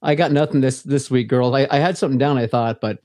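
An adult man co-hosting a casual podcast, easygoing and chatty. He stumbles through fillers and restarts as he greets the listeners. His voice sits at a middling pitch and is recorded dry and close, with little room around it. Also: fast, a little mellow, no room sound. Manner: easygoing, laughs often, hesitant fillers. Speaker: podcast co-host. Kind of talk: casual chat. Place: home basement.

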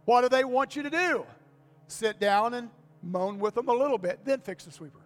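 Older male pastor, high-pitched, folksy sermon delivery, recorded in an echoing church with soft music under him. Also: normal speed. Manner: folksy, repeats key phrases, asks the congregation for amens. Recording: long reverb of a church hall.

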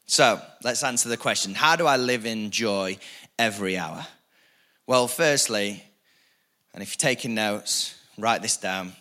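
Male pastor, bright and forceful tone, energetic repetitive sermon delivery with casual asides. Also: on the low side, measured pace. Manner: energetic, repetitive preaching with rising emphasis and asides.

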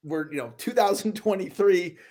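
A man's voice: sits high, normal speed, warm tone. A man co-hosting a podcast, speaking in an upbeat, enthusiastic way as he hands over to his guest. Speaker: co-host. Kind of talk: podcast talk.

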